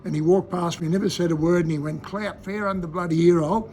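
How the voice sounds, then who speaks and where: A man's voice: high voice, steady tone, fast talker, a little mellow, soft background music. An older man with an Australian accent, telling cheeky local anecdotes in a laconic, chuckling way. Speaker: local storyteller. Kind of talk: casual yarn-telling.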